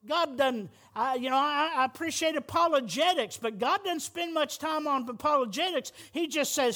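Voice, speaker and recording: A pastor delivers a fervent sermon in a strikingly high voice. His tone is bright and forceful. He pushes to loud, emphatic peaks to drive each point home. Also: very animated, normal speed, few pauses.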